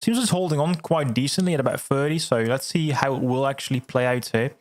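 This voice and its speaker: A man hosting a livestream, chatting casually and reading out viewer comments, excitable, laughing often and repeating words. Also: mid-range voice, quick pace. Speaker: livestream host.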